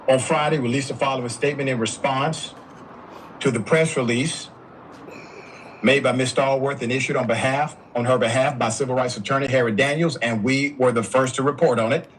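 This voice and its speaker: A man hosting a news commentary show, speaking emphatically with dramatic pauses. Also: medium pitch, slight background noise, rough recording.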